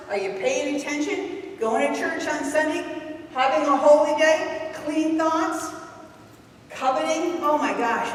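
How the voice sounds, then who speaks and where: A woman giving a lively talk to a youth group in a church hall, asking the audience questions. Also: high voice, slight background noise. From New England. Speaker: speaker at a youth ministry talk. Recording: echoey hall from far off.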